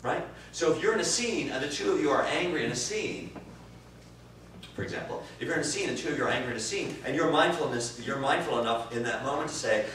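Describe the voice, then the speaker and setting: Animated improv teacher, man, echoey room. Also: quick pace. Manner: animated, swearing, swings from low musing to loud bursts. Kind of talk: interview answers. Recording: distant roomy recording with faint noise.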